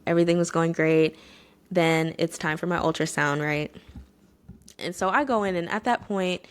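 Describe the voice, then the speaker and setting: Low-voiced young woman telling a personal story. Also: normal speed, clean tone. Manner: candid and conversational with many "like"s. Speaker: vlogger.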